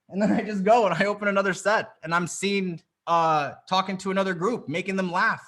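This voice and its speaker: A man's voice: high voice, steady tone, fairly quick, hardly any pauses, fairly bright tone. A man coaching a group on a video call, talking bluntly and confidently with plenty of swearing. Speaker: dating coach. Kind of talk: live coaching session.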